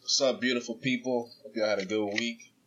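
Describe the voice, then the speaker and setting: A young man co-hosting a podcast, talking in a relaxed, easygoing, friendly way. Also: mid-range voice, brisk, dull audio. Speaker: podcast co-host. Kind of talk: casual chat.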